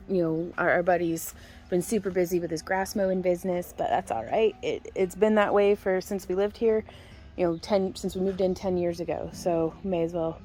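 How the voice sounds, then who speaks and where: A woman's voice: on the low side, a little mellow. Folksy woman chatting in her garden. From Missouri. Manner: chatty and folksy, laughs often, talks to her dog and chickens. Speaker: homestead vlogger. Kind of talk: casual garden walk-through vlog. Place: outdoors in a backyard garden.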